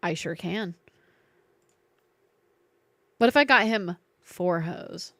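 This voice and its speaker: Slow and prone to long pauses, this woman's fairly low, fairly bright voice carries a Southern accent. She streams a game live, chatting playfully, reacting and greeting viewers, with no room sound.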